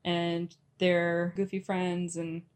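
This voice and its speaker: Woman, podcast co-host, slightly low voice, chatty, enthusiastic film talk. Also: monotone, slow pace, smooth. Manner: enthusiastic, chatty, laughs easily. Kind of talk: casual film review chat.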